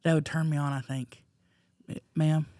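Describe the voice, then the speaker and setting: A woman co-hosting a casual comedy podcast, telling bawdy stories with animated, stammering restarts. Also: on the low side, normal speed, dry recording, studio quality. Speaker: podcast co-host.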